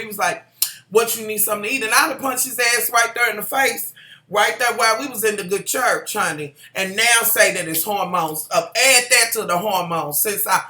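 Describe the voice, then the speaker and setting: A vlogger recapping a TV episode in a sassy, profane, animated rant. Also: mid-range voice. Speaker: TV show reviewer. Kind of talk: casual ranting recap. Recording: echoey room.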